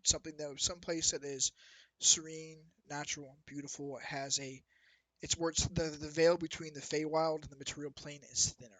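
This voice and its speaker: Bright-voiced man running a tabletop game. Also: on the high side, flat delivery, moderate pace, no room sound, poor audio. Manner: loose, rambling narration with restarts and asides. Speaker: dungeon master.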